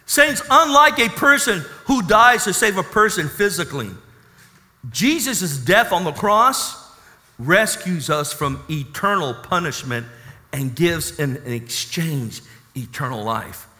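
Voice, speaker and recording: A man's voice: fairly high pitch, big pitch swings, measured pace, bright, forceful tone, big-room sound. A man preaching a sermon with emphatic, call-and-response asides to his congregation. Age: 30s. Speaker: pastor.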